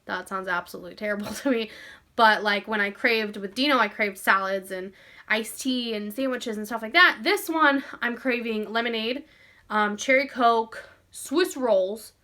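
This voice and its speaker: A young woman talks to camera in a breathless, chatty way, sighing between thoughts and leaning on "like". Her voice sits a little high and rings bright and forceful. She sounds like a vlogger chatting casually to her viewers. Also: moderate pace.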